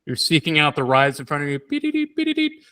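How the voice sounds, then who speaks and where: With slight background noise behind him, a podcast host rattles off an animated story from his own life at a fast clip. His medium-pitched voice sounds bright and pushing, and he keeps stumbling, restarting and adding fillers.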